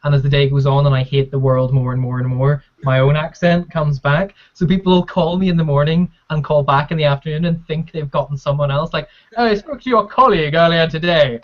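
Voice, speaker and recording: A podcast co-host with an Irish accent, chatting casually with quick, sweary jokes. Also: medium pitch, level tone. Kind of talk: casual chat. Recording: dull lo-fi podcast audio.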